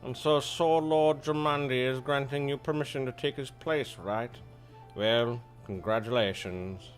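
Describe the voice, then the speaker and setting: A man's voice: mid-range voice, a little slow, soft background music, voice pushed up, natural voice. A man voicing a haughty, arrogant male noble baron, with a pompous, drawling delivery.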